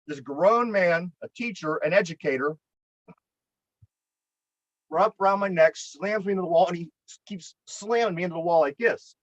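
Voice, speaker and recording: A man's voice: sits high, normal speed, pauses often, no echo, muffled recording. A man with a Pittsburgh accent, co-hosting a podcast and telling a long story in a rambling, profane way, often repeating his words. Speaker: podcast co-host. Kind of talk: casual storytelling chat.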